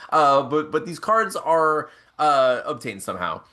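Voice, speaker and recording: A man hosting a podcast, telling a casual story in an animated way with frequent chuckles and restarts. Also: on the high side, a little slow. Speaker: podcast host.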